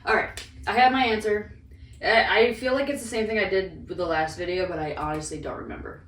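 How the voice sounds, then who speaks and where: A woman's voice: mid-range voice, steady tone, a little fast, a bit bright. A woman chatting casually as co-host while ranking characters, with lots of "like" fillers. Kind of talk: casual chat. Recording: echoey room, distant mic, faint noise.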